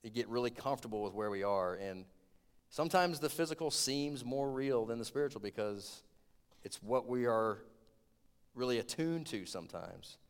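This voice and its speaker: 20-something guy preaching, storytelling, gets loud, long reverb, mid voice. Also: mid-range voice, normal speed, smooth. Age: 20s. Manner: storytelling, animated, rising to shouts in retold scenes. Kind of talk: sermon.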